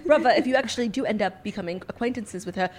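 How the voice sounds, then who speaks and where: A woman's voice: medium pitch, racing, natural voice. A woman playing a pompous, snooty British prince in a comedic improv sketch, with a put-on British accent and a haughty, mock-formal manner. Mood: smug.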